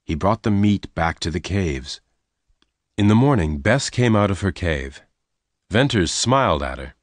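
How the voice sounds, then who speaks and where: Low-voiced guy reading an easy story out loud, dry close sound, lots of lift. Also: expressive, a little slow, no echo. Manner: simple, evenly paced sentences. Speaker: narrator. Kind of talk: slow, clear storytelling for English learners.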